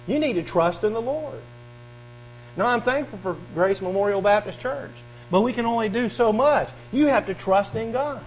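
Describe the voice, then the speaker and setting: A man's voice: high voice, animated, moderate pace, a little hiss or hum, rough recording. A male pastor delivering a sermon, reading scripture aloud and driving points home with a rising and falling preaching cadence and repeated questions.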